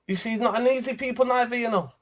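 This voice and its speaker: Brief: man, livestream host, high voice, rambling casual talk full of restarts. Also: fairly even intonation, racing, a bit bright. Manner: rambling, many restarts and repeated phrases.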